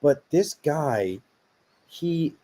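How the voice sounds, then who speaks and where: A man with a mellow, warm voice pitched a little high reads listener stories aloud in a casual podcast chat. He tells them in a plain storytelling way. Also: animated, very slow. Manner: storytelling, reading posts aloud. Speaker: podcast co-host.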